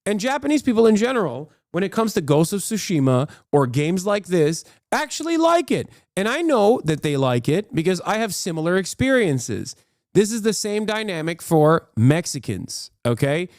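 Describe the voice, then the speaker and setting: A man's voice: high voice, very animated, a little mellow, no room sound, clean studio sound. A man streaming live reaction commentary, ranting combatively, swearing a lot and cutting himself off with fillers. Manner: fast, with many fillers and self-cut swear words. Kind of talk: casual livestream reaction commentary.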